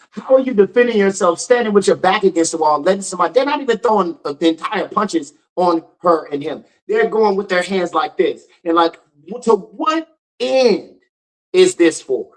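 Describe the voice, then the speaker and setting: A man's voice: high voice, poor audio. A man hosting his own show, ranting in an emphatic commentary style and repeating lines for effect. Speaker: host.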